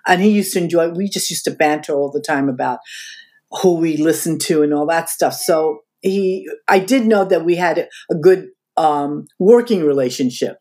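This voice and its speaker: A woman's voice: low-pitched, normal speed. An older woman, a podcast guest, recounting past events in an interview and acting out the voices of people she quotes. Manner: animated, acts out quoted voices. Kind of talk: interview storytelling.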